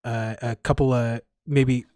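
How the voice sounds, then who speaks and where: A man narrating as game master of a tabletop game, halting with many fillers and restarts. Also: mid-range voice, little pitch movement, a little mellow, dry recording, studio quality.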